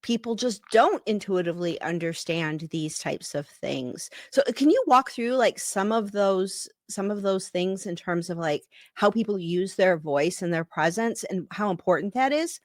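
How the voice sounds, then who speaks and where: A woman's voice: mid-range voice, expressive, normal speed, few pauses, no room sound, clean studio sound. A woman hosting a casual interview podcast, talking earnestly and thinking aloud as she asks her questions. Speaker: podcast host.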